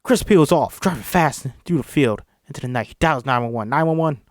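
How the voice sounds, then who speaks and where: Man reading a screenplay casually, mid pitch, stumbling and self-correcting, dry sound. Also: animated, a little fast, no room sound. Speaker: script reader.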